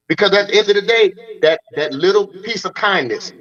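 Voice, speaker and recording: A middle-aged man hosting a casual conversation, speaking bluntly and acting out the exchanges he describes. His voice sits a little high for a man, and the live-stream audio sounds dull and lo-fi. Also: expressive, fairly quick, fairly bright tone. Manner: blunt, profane, acts out quoted exchanges. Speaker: host.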